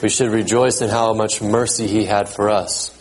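A low-voiced male pastor with fairly even intonation gives a sermon in a conversational manner, repeating words and checking in with "okay?" while reading scripture in measured cadence. The low-quality recording carries some hiss or hum.

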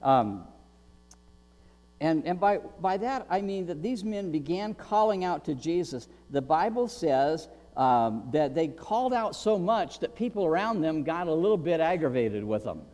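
A man preaching a sermon as pastor, animated, acting out a shouting crowd and pleading beggars. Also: on the high side. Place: church sanctuary. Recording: long reverb with mains hum.

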